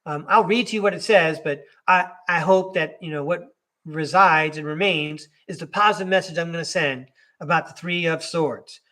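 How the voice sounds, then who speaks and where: Man, high bright voice, chatty live-stream tarot host who laughs and self-corrects. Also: normal speed. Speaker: podcast host reading tarot.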